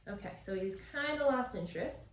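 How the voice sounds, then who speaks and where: A woman dog trainer explaining a puppy session, switching between calm explanation and high, bright praise for the dog. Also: brisk, slight background noise. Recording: echoey, from a distance.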